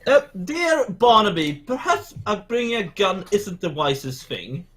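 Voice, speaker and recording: A man's voice: sits high, big pitch swings, unhurried, a bit bright. A man playing a tabletop game, speaking politely and hesitantly in a formal way. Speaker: player.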